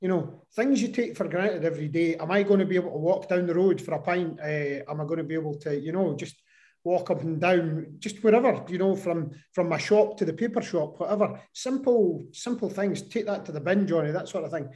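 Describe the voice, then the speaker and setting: A man as an interview guest, telling a personal story in an animated way and acting out the voices he quotes. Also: on the high side, a little fast.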